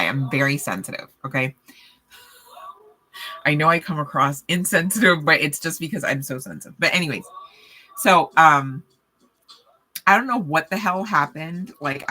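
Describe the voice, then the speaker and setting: A woman with a low-pitched voice and a bright, forceful edge talks directly to her viewers as she gives a tarot card reading. She keeps it casual and lively, throwing in chatty asides and laughter as she goes.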